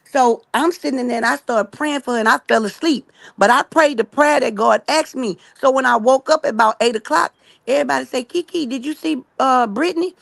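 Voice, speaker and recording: Gravelly woman telling a fast faith story. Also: high-pitched, no echo. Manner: fast and emphatic, keeps asking "right?" and calling "y'all"; religious and earnest. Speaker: guest telling her story. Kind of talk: rambling personal testimony.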